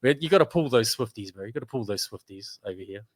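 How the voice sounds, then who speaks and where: A man's voice: mid-range voice, lively intonation, fast talker, dry recording. Laid-back New Zealand man. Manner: laid-back, says "bro" often, laughs a lot. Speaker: guest musician. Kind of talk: casual chat.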